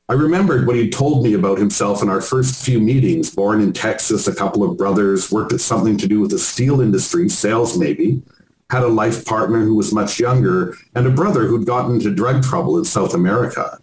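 A man, an author, reading aloud from his own memoir in a measured storytelling manner. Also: fairly low pitch, a little mellow. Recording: roomy with faint noise.

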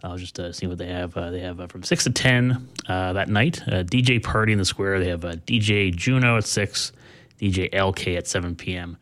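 Deep voiced guy hosting radio, laid back, keeps stumbling with uh's. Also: a bit bright. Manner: halting, with many filler sounds. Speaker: radio host. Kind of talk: casual radio presenting.

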